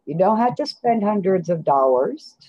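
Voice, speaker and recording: A woman joining a live stream as a guest, easygoing and quick to laugh. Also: medium pitch, animated, dark tone, muffled recording. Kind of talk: casual live-stream chat.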